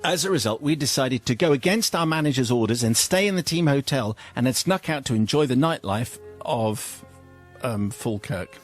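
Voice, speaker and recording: A man's voice: medium pitch, expressive, brisk, hardly any pauses, soft background music. A male radio host reading a listener's funny confession letter aloud, amused and often laughing.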